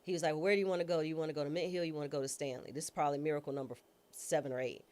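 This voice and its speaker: A woman guest recounts a personal story with a low, grounded voice that stays in the lower register. She talks in a casual, informal way. She slips into other people's voices when quoting them as she tells the story. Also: racing. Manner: lively storyteller who acts out quoted voices. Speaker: guest, former judge and trial attorney.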